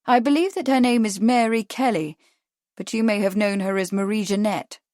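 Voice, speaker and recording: A woman voicing a polite, inquisitive gentleman investigator in an audiobook, speaking in a courteous, measured way. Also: sits high, no echo, clean studio sound, close to an everyday voice.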